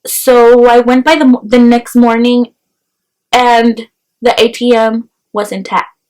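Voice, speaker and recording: Young woman vlogger, high voice, chatty storytelling full of "like". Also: slow, rough recording. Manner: chatty, peppered with "like", animated retelling. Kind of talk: casual storytelling vlog.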